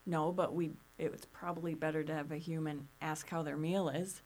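A woman's voice: low-pitched, fairly even intonation, moderate pace, a little mellow. A woman hosting a business podcast, chatting casually and wrapping up with a friendly sign-off. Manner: friendly, upbeat sign-off with fillers. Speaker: podcast host.

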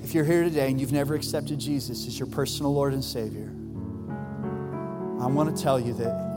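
Pastor, man, mid-range voice, earnest preaching with loud emphatic peaks, long hall reverb. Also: medium pitch, fairly quick. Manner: earnest preaching, builds to loud emphatic peaks, drops soft for tender lines. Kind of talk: Easter sermon. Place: large church hall. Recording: live church hall with long reverb and soft music.

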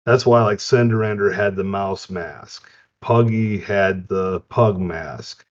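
A man co-hosting a casual podcast, telling relaxed, rambling anecdotes. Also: deep voice, slow pace. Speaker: podcast co-host. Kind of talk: casual chat. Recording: dull lo-fi audio.

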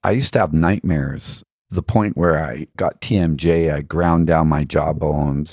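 Guest spot: deep-voiced, husky man, reflective spiritual storyteller, earnest with rhetorical questions. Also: a little mellow, dry recording, clean studio sound. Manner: laughs now and then while telling stories. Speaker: podcast guest.

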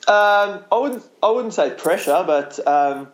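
A man with an Australian accent being interviewed, answering in a relaxed, hesitant way with frequent restarts and "you know". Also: high voice, slow pace. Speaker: interview guest, cricketer. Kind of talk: casual interview chat.

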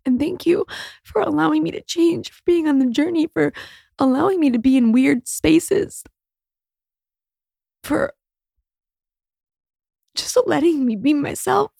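A woman's voice: sits high, measured pace, creaky, long pauses, mellow, no echo, studio quality. A woman in her thirties hosting a solo podcast, speaking in a raw, candid, emotional way and swearing freely. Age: 30s. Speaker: podcast host.

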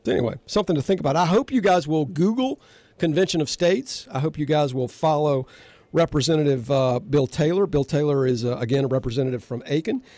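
A man's voice: brisk, dark tone, dry recording. Fired-up older male talk radio host. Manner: gets fired up, pitch rising sharply on emphatic questions. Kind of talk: call-in political talk radio.

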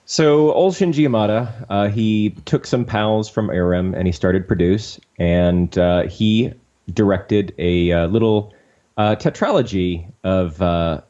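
A man hosting a casual podcast chat, relaxed and full of hesitant fillers. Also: lowish voice, a little slow, muffled recording. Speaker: podcast host.

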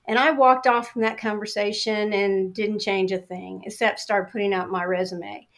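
As an interview guest, a middle-aged woman recounts a story from her working life, acting out her own past replies with energy. Her pitch is an ordinary mid-range, her tone steady, and her speed normal.

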